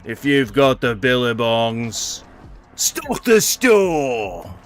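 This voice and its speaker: A man putting on a slow menacing announcer, mock Australian. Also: mid-range voice, big pitch swings, faint music behind, exaggerated voice. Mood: mock menace. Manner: slow, theatrical, threatening. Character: menacing male game announcer with an Australian twist.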